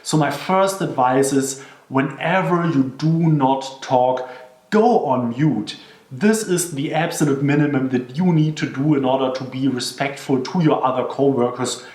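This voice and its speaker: A man explains conference call etiquette in an earnest, instructional way, slowing down whenever he repeats a key piece of advice. His voice sits at an ordinary middle pitch. The recording carries a noticeable room echo. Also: darkish tone. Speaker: presenter giving workplace tips. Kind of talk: instructional talk to camera. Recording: echoey room.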